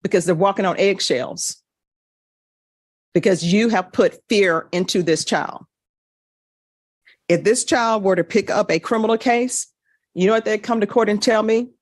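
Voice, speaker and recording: A woman's voice: medium pitch, measured pace, long pauses, no echo, clean studio sound. A woman judge questioning a defendant in court, stern and lecturing.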